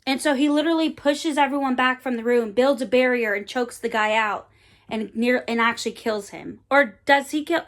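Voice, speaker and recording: A woman's voice: on the high side, moderate pace. A woman in her twenties chatting casually about books she loves, rambling a little, with fillers and playful slang. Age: 20s. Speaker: book vlogger. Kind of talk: casual book recommendation chat.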